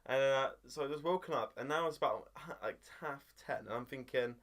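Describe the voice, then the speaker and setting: Fast-talking young Englishman telling a story. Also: fairly bright tone. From England. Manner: rambling, heavy filler words, acts out quotes in high squeals. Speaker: vlogger. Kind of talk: casual storytelling.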